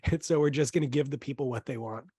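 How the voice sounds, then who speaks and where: A man's voice: medium pitch, fast talker, mellow, slightly rough, no room sound. Playful male co-host with a mid-range voice, recorded dry and close. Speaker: podcast co-host. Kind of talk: casual chat.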